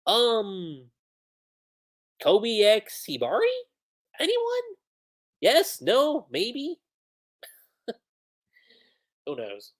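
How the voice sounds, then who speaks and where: A woman streamer reviewing a comic in casual livestream chat, talking in an animated, slangy way and laughing often. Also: fairly high pitch, drawn-out words, pauses often.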